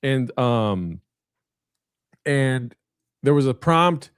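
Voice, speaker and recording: Extremely slow and smooth, this guest comedian's expressive mid-range voice comes through clean studio sound with no echo. He chats casually on a video call, rambling through stories with plenty of fillers and profanity.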